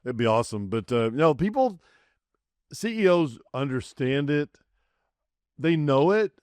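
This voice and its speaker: Southern guy hosting a podcast, smooth mid voice, dry close sound, keeps restarting his sentences. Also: medium pitch, expressive, unhurried, dry recording. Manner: rambling, many restarts, trails off quietly. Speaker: podcast host. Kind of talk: casual interview chat.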